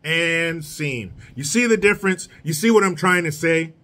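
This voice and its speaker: Sarcastic high-voiced male ranter. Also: normal speed, sharp tone. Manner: sarcastic, mocking, blunt. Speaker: political commentator. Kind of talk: solo rant commentary.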